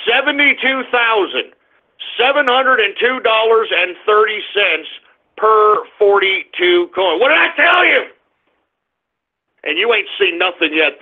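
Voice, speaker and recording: A man hosting a talk radio show, brash and profane, swinging from loud shouts to low mutters. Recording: phone-like narrow band.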